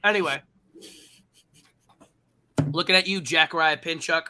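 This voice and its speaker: A man's voice: on the high side, a little slow, sharp tone, slight background noise. A man hosting a podcast, recapping a film in a casual, rambling and profane way, with lots of ums and uhs. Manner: rambling and profane, heavy fillers. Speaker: podcast host.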